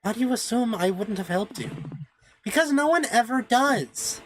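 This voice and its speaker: A woman's voice: medium pitch, fast, a little mellow, a little hiss or hum, natural voice. A woman voicing a defensive, ambitious young woman witch with a bitter tone.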